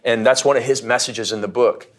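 A man's voice: medium pitch, fairly quick. A man from the United States, a podcast guest, telling stories casually and acting out what people said, with many restarts. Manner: animated, repeats and restarts, acts out quotes. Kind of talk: casual interview storytelling.

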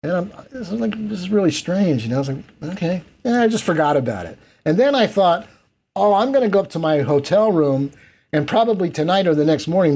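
An event producer being interviewed shares a backstage memory in a mellow, slightly raised voice that's a little high and slightly rough. He tells it animatedly, slipping into the voices of other people and of himself as events unfold.

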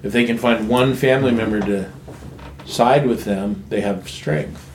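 A man's voice: on the low side, unhurried, a little hiss or hum. A man in recovery candidly telling a family story in a frank, blunt way, swearing freely. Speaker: guest sharing recovery story. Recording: echoey room, faint ambience.

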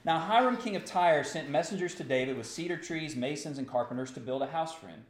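Animated male preacher in an echoey room. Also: on the high side, fairly quick. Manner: animated, rising to impassioned outbursts. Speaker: pastor. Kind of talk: sermon.

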